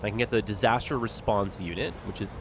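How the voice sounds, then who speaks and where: A man's voice: on the low side, a little fast, over music. A man streaming a city-building game, chatting casually and reacting with dramatic exclamations. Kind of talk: casual gameplay commentary.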